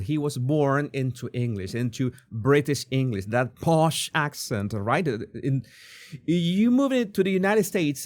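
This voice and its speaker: A man with a Spanish accent, a native Spanish speaker, hosting a commentary channel in a casual, animated way, often stammering and repeating words. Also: mid-range voice.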